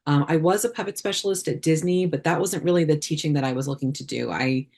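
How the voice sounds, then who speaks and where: Woman, low voice, casual interview talk, lots of ums and restarts, puppeteer guest. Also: quick pace, vocal fry, darkish tone. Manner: chatty, many fillers and restarts.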